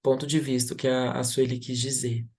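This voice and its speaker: Woman, class moderator, very low voice, apologetic, calls on participants. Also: flat delivery, fast talker, a little mellow. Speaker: class organizer.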